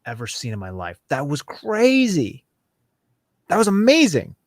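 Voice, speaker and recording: A wildly excited male physio gushing in a high, climbing voice, as a man puts him on. His exclamations tumble out in breathless bursts, recorded close and dry. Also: brisk, dry recording, lightly acted. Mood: amazed.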